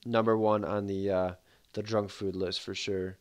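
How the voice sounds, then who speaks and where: A man's voice: on the low side, little pitch movement, a little slow. A man streaming a game, chatting casually in a rambling, laid-back way full of fillers. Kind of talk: casual livestream commentary.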